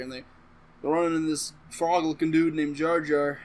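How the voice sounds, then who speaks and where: A man's voice: on the high side, fairly even intonation, moderate pace, rough recording. A man casually rambling through a comedic movie recap to camera, swearing freely and interrupting himself with asides. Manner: profane, offhand and rambling, with self-interrupting asides. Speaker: comedic vlogger.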